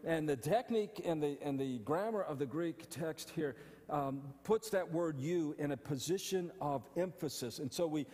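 A male pastor preaching an animated sermon, often restarting phrases. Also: fairly high pitch, moderate pace, hardly any pauses, in a large hall. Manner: animated, stumbling restarts, acting out quotes. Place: church sanctuary.

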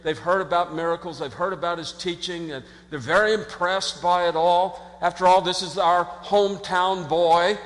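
A man preaching a sermon as pastor, in an animated conversational way, acting out quotes and often restarting his sentences. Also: high-pitched, normal speed, few pauses. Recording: long hall reverb.

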